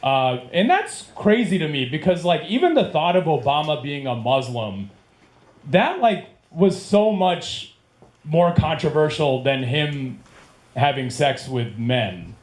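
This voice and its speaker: A man's voice: on the high side, very animated, measured pace. A man in his late thirties doing a rambling stand-up comedy set in a club, laughing at his own jokes. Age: 30s. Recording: echoey club with faint room noise.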